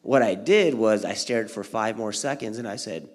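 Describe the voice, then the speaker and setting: A man's voice: on the low side, normal speed, hardly any pauses. A man doing a stand-up comedy set at a community event, telling stories and acting out family members with big jumps in his voice. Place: community center event hall.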